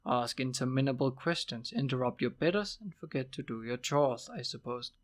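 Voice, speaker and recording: A man doing a dry old ranger mentor. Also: lightly acted. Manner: low, measured and dry.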